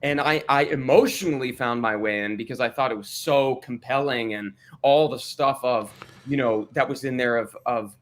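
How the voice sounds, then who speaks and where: An American man telling stories in a casual livestream chat, laughing often and talking with lively energy. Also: mid-range voice, moderate pace, few pauses. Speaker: cast member on a livestream.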